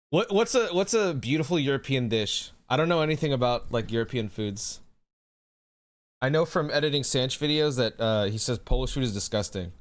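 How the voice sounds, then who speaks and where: A young man talks loosely on a livestream, answering his chat. He swears freely and laughs often, in an easygoing, middle-pitched voice. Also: animated, a little fast. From United States. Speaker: streamer. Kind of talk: casual livestream chat, reading chat aloud.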